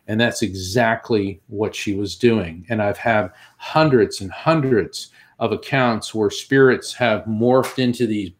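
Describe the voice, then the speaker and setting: Animated man telling a story. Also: medium pitch. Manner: animated storyteller, acts out quoted voices. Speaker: guest, medium. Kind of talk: storytelling in an interview.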